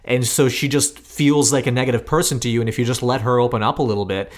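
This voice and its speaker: A man in his thirties, a podcast co-host, telling a story in a lively, self-deprecating way. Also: medium pitch, quick pace. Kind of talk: casual storytelling chat.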